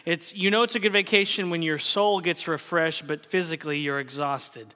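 A man from Oklahoma preaches in a church, his voice high and bright as he trades folksy jokes with the congregation. The sound rings with a long reverberant hall tail. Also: fairly even intonation, normal speed. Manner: folksy, joking storyteller. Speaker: pastor. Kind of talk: sermon. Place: church sanctuary.

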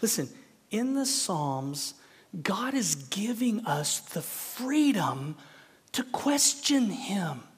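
A male pastor preaching an impassioned sermon in a church. He swings between shouted pleas and hushed, quiet lines. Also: high-pitched, very animated, extremely slow, slightly rough. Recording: long hall reverb.

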